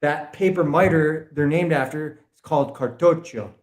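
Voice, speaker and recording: A man's voice: on the high side, unhurried, a little mellow. A man with a Boston accent, a podcast guest lecturing in a rambling, profane way during a casual video call chat. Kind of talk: casual conspiracy-history chat.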